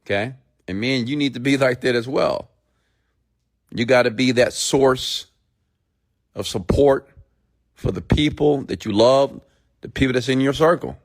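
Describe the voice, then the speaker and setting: A man's voice: mid-range voice, a little slow, long pauses. A man hosting a live stream, ranting bluntly and preachily at his viewers, often checking in with "okay?" and reading out their comments. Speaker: host.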